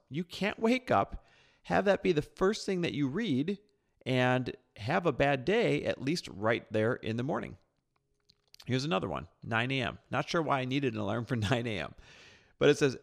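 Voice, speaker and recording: A man's voice: medium pitch, gravelly. A man hosting a motivational self-help video, talking in an upbeat, emphatic, conversational way.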